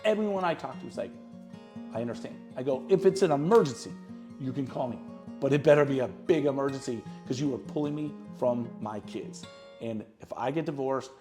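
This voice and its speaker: A middle-aged man, a real estate agent on a podcast, telling lively stories and acting out the people in them. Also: mid-range voice, fairly quick, over music. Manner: lively, acts out quotes in his stories. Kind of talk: animated storytelling in an interview.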